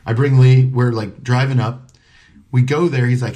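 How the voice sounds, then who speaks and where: A man's voice: mid-range voice, steady tone, moderate pace, dark tone. A comedian telling a story in casual chat. He acts out the voices of people he quotes and swears freely.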